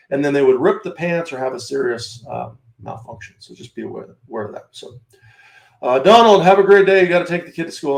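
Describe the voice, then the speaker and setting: A man with a Southern American accent runs a live teaching stream, talking loosely and answering viewers by name while he demonstrates. His voice sits a bit high for a man. The room around him echoes. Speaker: firearms instructor hosting a livestream.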